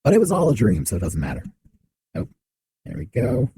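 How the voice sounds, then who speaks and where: A man with a low, husky, gravelly voice chats casually with his viewers while he plays a game. His pitch swings in a lively way, and he jokes as he goes. He talks into a desk mic in a dry, close home setup. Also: fairly quick, dry recording, low-quality recording. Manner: relaxed, chatty, joking. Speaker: streamer. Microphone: desk mic on shock mount.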